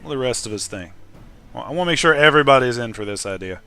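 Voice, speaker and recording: A man streaming a video game, chatting casually and swinging between loud outbursts and quiet muttering. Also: mid-range voice, expressive, racing, clean tone, soft background music. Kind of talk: casual gaming stream chat.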